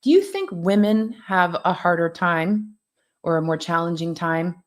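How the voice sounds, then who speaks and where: Woman host, lowish voice, encouraging, keeps affirming her guest. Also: expressive, unhurried. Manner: encouraging, frequent brief affirmations. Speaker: podcast host. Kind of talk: conversational interview.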